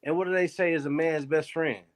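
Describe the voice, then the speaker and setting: A man speaking up during a class discussion, with a voice a little higher than usual. He talks casually in street slang and stumbles over restarts as he works toward his point. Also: steady tone, a little fast.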